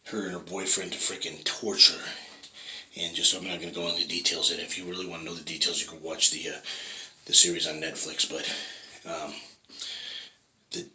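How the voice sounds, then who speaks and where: A man's voice: deep voice, level tone, a little fast, long pauses, sharp tone. A man vlogging in a casual, rambling way, swearing often and checking in with "right?". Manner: rambling, profane, keeps asking "right?". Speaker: fitness vlogger. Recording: echoey room with faint noise.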